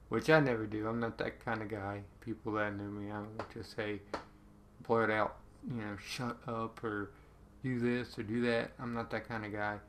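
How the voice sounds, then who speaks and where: A man's voice: on the low side, little pitch movement, normal speed, a bit bright, a little hiss or hum. A man casually telling a personal story to camera, rambling with lots of ums and uhs.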